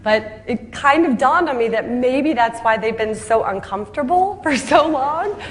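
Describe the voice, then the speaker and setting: With a high-pitched voice at normal speed and a faint hiss or hum in the audio, a woman founder narrates her story in a speech. She's lively and self-deprecating, performing the voices of people she quotes and laughing at her punchlines.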